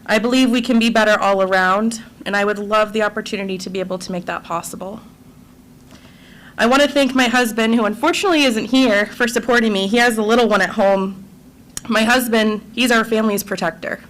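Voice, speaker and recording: A woman's voice: mid-range voice, fairly quick, fairly bright tone, poor audio. A woman, a school board candidate, giving an earnest and emotional prepared campaign speech to a local audience.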